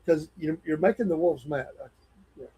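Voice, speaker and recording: A man's voice: on the high side, normal speed, dark tone, slightly rough, highs cut off. A man, co-hosting a casual podcast, easygoing and playful as he reads fan mail. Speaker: co-host.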